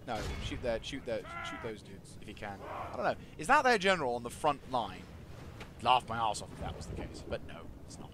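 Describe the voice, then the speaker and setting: Excitable man commentating his strategy game. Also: medium pitch, fairly quick, heavy background noise. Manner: excitable, talks to his troops, swings between mumbles and shouts. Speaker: gaming video host. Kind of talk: casual gameplay commentary.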